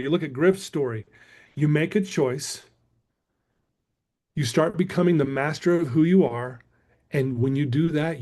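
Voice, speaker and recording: A man's voice: a little high, darkish tone. A middle-aged man, a guest speaker, telling a motivational story emphatically and calling his listeners "guys".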